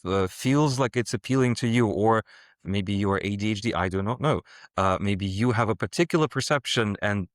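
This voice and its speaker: A man's voice: on the low side, no room sound, clean studio sound. A man talking as a podcast guest in a casual interview, hesitant and full of fillers and restarts. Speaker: guest, game designer and world builder.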